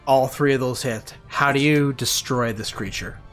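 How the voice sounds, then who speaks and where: A man's voice: medium pitch, normal speed, a bit bright, soft background music. A man running a tabletop game as game master, narrating the action in vivid detail.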